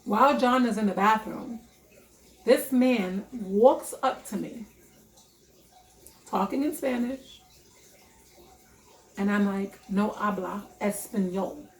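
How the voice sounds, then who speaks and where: Animated, profane young woman telling a story. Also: fairly high pitch, slow pace, pauses often, echoey room. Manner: animated, profane, emphatic retelling. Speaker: vlogger. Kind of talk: casual storytime vlog.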